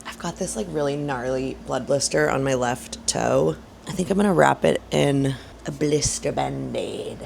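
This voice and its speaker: A woman's voice: rumbling low, moderate pace, creaky, few pauses, background noise. Candid chatty woman running vlogger. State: worn out after a hard run. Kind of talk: casual vlog chat. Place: outdoors, filming while running.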